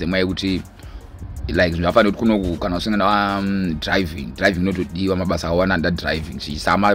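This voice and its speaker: Man, deep voice, rapid rambling talk, mixes Shona and English, faint music behind. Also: a bit bright. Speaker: interviewed filmmaker. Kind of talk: casual recorded interview.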